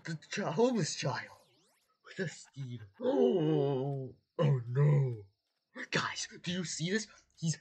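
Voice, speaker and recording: A YouTube host reacting to animations in an excitable way, gasping often and repeating words when alarmed. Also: medium pitch, breathy edge.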